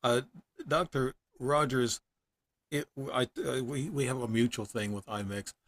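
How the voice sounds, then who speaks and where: A man's voice: mid-range voice, a little slow, a bit bright. A man hosting an interview show, asking long stumbling questions in casual talk. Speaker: podcast host.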